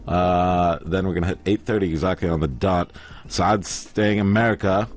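A man's voice: deep voice, steady tone, normal speed, faint music behind. A man hosting a casual radio show, chatting, laughing easily and reading out listener messages. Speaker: radio host.

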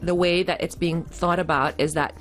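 Woman, lowish voice, casual chat, thoughtful explainer, faint music behind. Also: steady tone, normal speed. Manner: thoughtful, explaining ideas at length.

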